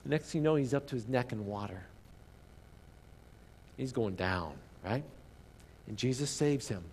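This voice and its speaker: A man preaching a sermon as pastor, telling the story with animated emphasis, dropping to hushed asides and asking the congregation rhetorical questions. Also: mid-range voice, in a large hall.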